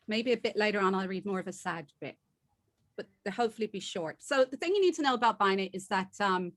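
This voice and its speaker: A woman novelist chatting on a video call, excitable and self-deprecating. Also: a little high. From Ireland and Canada. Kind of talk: casual chat on a video call.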